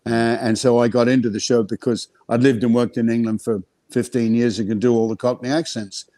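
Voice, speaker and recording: A man's voice: medium pitch, level tone, a little fast, mellow. Australian man telling stories, laughing. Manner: anecdotal, laughing often, hesitant fillers. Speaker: guest actor. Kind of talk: casual storytelling on a video call.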